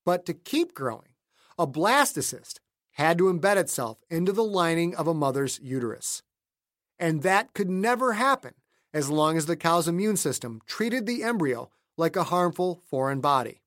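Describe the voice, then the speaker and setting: A man reading his own novel aloud as the narrator, in a measured and steady storytelling delivery. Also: fairly high pitch, no echo, clean studio sound. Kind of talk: scripted audiobook narration.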